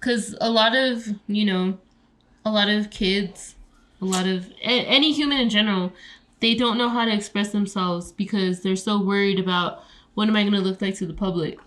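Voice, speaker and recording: A tipsy woman co-hosting a casual podcast chat, swearing freely and talking in an animated way. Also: mid-range voice, moderate pace. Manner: loud, profane, animated, laughing. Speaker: podcast co-host.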